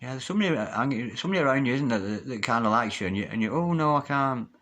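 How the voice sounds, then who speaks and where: A man giving a solo tarot reading to his viewers, chatty and encouraging, with sudden loud exclamations that drop to hushed, near-whispered asides. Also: medium pitch, very fast. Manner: chatty, encouraging, repeats pet phrases. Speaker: tarot reader.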